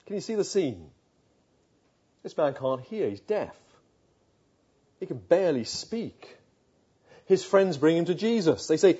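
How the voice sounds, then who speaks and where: Male preacher, earnest, rhetorical, mellow and husky; lo-fi recording. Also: on the high side, sing-song, measured pace, long pauses. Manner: earnest storytelling with rhetorical questions, hushed at tender moments. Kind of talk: sermon. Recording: dull lo-fi sound.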